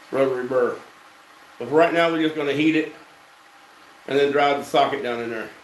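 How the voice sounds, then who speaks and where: A man hosting a casual livestream from his home workshop, talking in a folksy drawl with plenty of fillers. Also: mid-range voice. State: out of breath. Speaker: shop host. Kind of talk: casual shop-talk livestream. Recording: echoey shop with faint noise.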